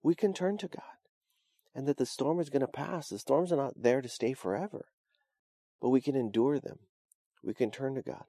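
A man's voice: medium pitch, brisk, warm tone, no echo, clean studio sound. A man preaching a sermon, telling a story in a conversational way with frequent restarts and fillers. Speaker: pastor.

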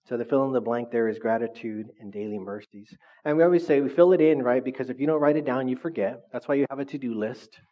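Casual pastor, mid-pitched man, chatty sermon delivery, dull lo-fi recording. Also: fast, few pauses. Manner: conversational, frequent "right?" tags.

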